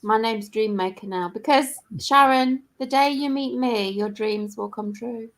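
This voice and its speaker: A woman's voice: on the high side, unhurried. A woman chatting on a video call, cheeky and joking, swearing casually.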